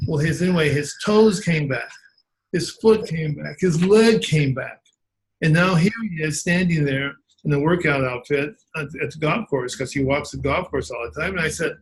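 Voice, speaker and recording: A man telling an anecdote in an animated way, acting out the voices of the people in it. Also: a little high, normal speed, a little hiss or hum, poor audio. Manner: animated, acts out quoted voices. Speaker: guest storyteller. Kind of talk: anecdotal storytelling.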